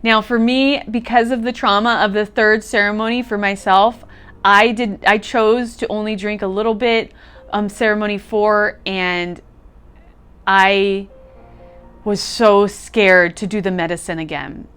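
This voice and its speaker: A woman guest telling a deeply personal story, candid and casual, swearing now and then and leaning on "like". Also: fairly even intonation, measured pace, a bit bright, smooth. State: close to tears at times. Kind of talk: emotional personal testimony.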